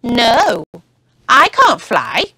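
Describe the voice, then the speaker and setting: A woman's voice: fairly high pitch, huge pitch swings, extremely slow, sharp tone, husky, no room sound, full character voice. A woman voicing a small frog in a children's storybook, speaking earnestly and simply. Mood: sad. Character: small young frog, sad then cheerful.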